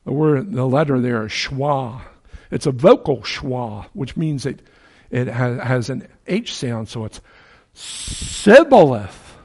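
A man's voice: mid-range voice, measured pace, a little mellow. An older man from New Jersey preaching a sermon in a conversational way, chuckling now and then and rising to emphatic peaks.

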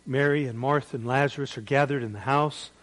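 A man preaching a sermon as pastor, swinging between loud, emphatic peaks and hushed, quiet drops. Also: mid-range voice, steady tone, brisk, low-quality recording. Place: church.

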